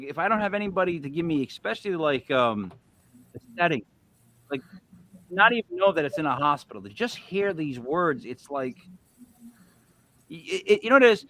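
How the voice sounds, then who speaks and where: A man's voice: on the high side, expressive, moderate pace, a bit bright. A man hosting a casual chat show, joking and rambling with a Northeastern accent. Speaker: podcast host.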